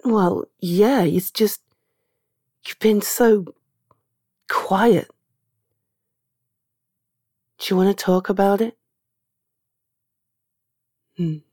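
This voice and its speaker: A woman performing a comfort audio role-play, speaking gently and reassuringly to the listener and sometimes dropping into a whisper. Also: mid-range voice, slow, long pauses, breathy edge, no room sound, studio quality.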